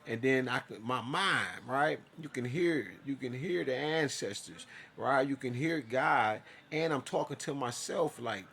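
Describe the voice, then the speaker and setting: A man's voice: medium pitch, measured pace, gravelly, fairly bright tone, slight background noise. A man telling his own story in a casual, profane monologue, acting out his side of conversations.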